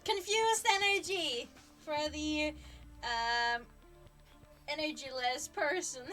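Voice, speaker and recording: A woman's voice: sits high, takes it slowly, pushed and bright, recorded from a distance, faint music behind. A woman streamer chatting casually on a livestream, giggly and flustered, often stopping to restart her sentences.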